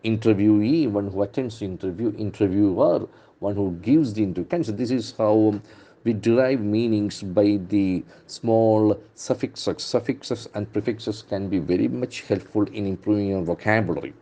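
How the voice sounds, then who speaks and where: A middle-aged man leads an English lesson, going through newspaper words and repeating each one to show where the stress falls. His voice sits low and sounds dark and mellow. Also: normal speed. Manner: drills pronunciation by repeating words with stressed syllables. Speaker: English trainer.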